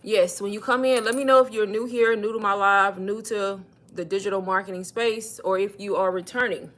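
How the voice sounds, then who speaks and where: A young woman chats on a livestream, calling her viewers y'all and sounding slightly out of breath. Her voice is bright and clear, at a middle pitch for a woman. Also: steady tone, moderate pace. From Texas. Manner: chatty, addresses viewers as y'all. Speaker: livestream host. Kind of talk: casual livestream talk.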